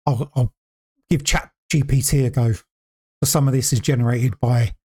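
A man talks in an easy, slangy way on a podcast, with a voice of ordinary pitch. He teases his co-host as they chat. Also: darkish tone, slightly rough. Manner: teasing, laid-back and slangy. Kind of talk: casual chat.

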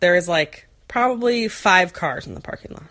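A woman in her forties tells a long, rambling story in a casual chat, with lots of fillers and quick laughs. Her voice sits a bit low for a woman. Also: animated, fairly bright tone. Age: 40s. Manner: rambling, chatty, many fillers, frequent laughs.

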